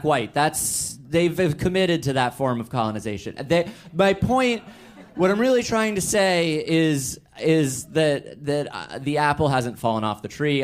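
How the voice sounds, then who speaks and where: A young man telling a personal story on stage, wry and rambling, full of restarts and fillers. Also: mid-range voice. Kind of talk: live storytelling.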